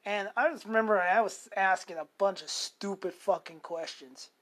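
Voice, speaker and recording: A man's voice: high-pitched, moderate pace, a bit bright. A man co-hosting a podcast, telling a long personal story in casual chat, rambling and profane with many restarts. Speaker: podcast co-host.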